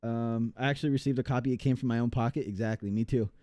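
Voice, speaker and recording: A man's voice: medium pitch, fairly even intonation, fast talker, mellow, no room sound. A man from the United States chatting casually on a live game stream, rambling and reading chat aloud with many fillers.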